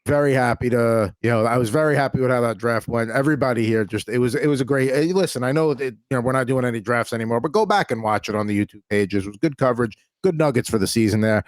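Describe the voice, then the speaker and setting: A man's voice: medium pitch, fast talker, few pauses, dry recording. Male podcast host, dry close sound. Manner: rambling, many restarts, upbeat. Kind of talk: casual sports podcast chat.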